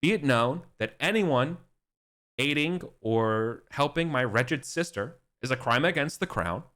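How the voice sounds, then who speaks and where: A man's voice: medium pitch, expressive, a little slow, sharp tone, voice pushed up. Guy doing a drunk hot-headed king, annoyed and slangy. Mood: angry. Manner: exasperated, slangy. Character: drunk, temperamental king, adult man.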